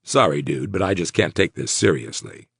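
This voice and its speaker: A man's voice: low voice, animated, moderate pace, vocal fry, fairly bright tone, husky, dry recording, clean studio sound, exaggerated voice. A man voicing a laid-back, teasing former cop with a wry, easygoing delivery. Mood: joking.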